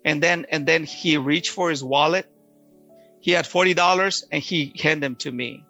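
An earnest man recounting a personal experience with frequent halts and repeated words. His voice is gravelly, bright and slightly high. Faint music plays behind him. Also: normal speed, muffled recording. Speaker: storyteller giving a personal testimony. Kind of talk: first-person storytelling.

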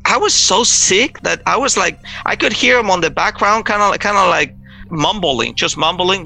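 A man telling his own story in a halting, conversational way, acting out what others said. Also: high-pitched, creaky, pushed and bright, faint music behind. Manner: halting, restarts, acts out quoted voices. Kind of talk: personal testimony, casual storytelling.

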